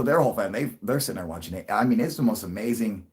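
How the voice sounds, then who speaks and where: A man's voice: expressive, quick pace, hardly any pauses. Rambling, swearing man telling a story. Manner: rambling, profane, restarts a lot, jumps into loud high bursts for quoted voices. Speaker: livestream host telling a story. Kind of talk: casual storytelling to a live audience.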